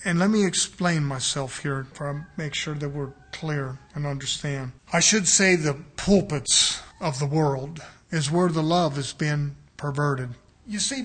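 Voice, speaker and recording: A man preaching a sermon, moving from quiet explanation to loud, shouted exhortation. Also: fairly high pitch.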